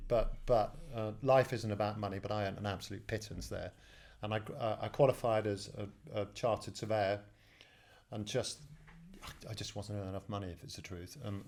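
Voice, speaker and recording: A man's voice: on the low side, fairly quick, creaky, a little mellow, slight background noise. A man in his fifties from England, a studio guest telling his career story in a chatty, self-deprecating way with many restarts. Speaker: guest, telecoms director. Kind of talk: casual storytelling interview.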